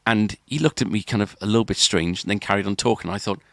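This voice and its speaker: A man's voice: fairly low pitch, fast, vocal fry, a bit bright, no room sound, studio quality. A man, a podcast co-host, telling a long story in casual chat, rambling with restarts and filler words.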